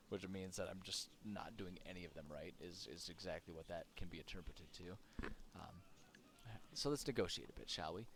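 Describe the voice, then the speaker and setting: A man's voice: low-pitched, moderate pace, a bit bright, slight background noise. A man streaming a role-playing game, chatting in a self-deprecating way and laughing at himself. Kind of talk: casual gaming commentary. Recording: game music behind.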